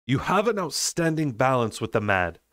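A man voicing a steely, curt woman debt collector who speaks in a low, clipped tone. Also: sing-song, moderate pace, fairly bright tone, dry recording, studio quality. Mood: cold.

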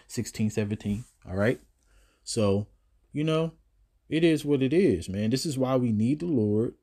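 A man teaching scripture in a casual, slangy preaching style, with emphatic swings in pitch and loudness. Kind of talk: informal preaching.

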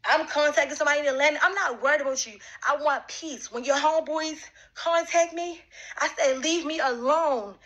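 A woman's voice: high voice, fairly quick, a bit bright, lo-fi sound. A woman addressing someone directly, confrontational and repetitive, repeating her demands with emphasis.

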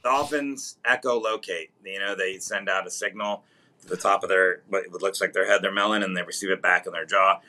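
A man's voice: low-pitched, steady tone, a little fast, pushed and bright. A man co-hosting a comedy podcast in casual chat, teasing his partner and then explaining things at length.

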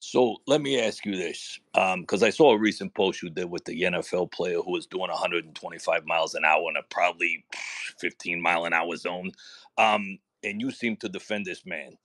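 A man with a heavy Italian accent phones into a talk show, his low voice pushing needling, sarcastic questions and tagging them with "right?". The sound is dry and close, with no room around it. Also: normal speed, a bit bright, dry recording. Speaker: caller. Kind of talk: combative call-in questioning.

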